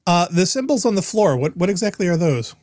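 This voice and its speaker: A man's voice: high voice, big pitch swings, brisk, a little mellow, no room sound, clean studio sound. A man co-hosting a game stream, asking curious questions and reading out the chat. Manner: curious, asks lots of questions. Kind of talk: casual let's-play chat.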